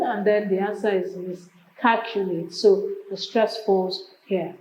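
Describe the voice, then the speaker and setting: A woman with a Nigerian English accent teaching an exam prep lesson, drilling word lists slowly and repeating them. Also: mid-range voice, mellow, roomy sound, low-quality recording.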